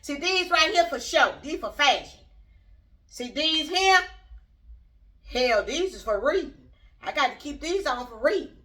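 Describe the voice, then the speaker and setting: A woman's voice: sits high, lively intonation, a little slow, long pauses, sharp tone, distant mic. A middle-aged woman hosting her own vlog channel, speaking bluntly and rambling straight to her viewers. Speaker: YouTube channel host. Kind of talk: casual opinion vlog.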